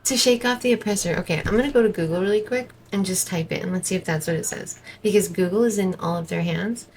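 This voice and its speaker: A woman's voice: lowish voice, fast talker, a little mellow, a little hiss or hum, rough recording. A woman vlogger giving exasperated, indignant commentary as she reacts to a protest video from home. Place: indoors at home.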